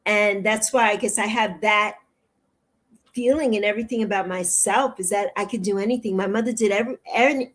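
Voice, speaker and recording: In an emotional interview, an older woman appears as the guest, her mid-range voice caught on a rough recording. She speaks from the heart and repeats herself, building into tearful pleading.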